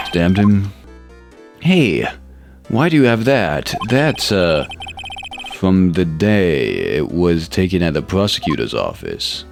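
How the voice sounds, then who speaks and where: A man's voice: a bass voice, vocal fry. A man playing through a courtroom video game, reading the lead's lines with wry, dry asides. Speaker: let's play host voicing the lawyer lead. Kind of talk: game playthrough narration.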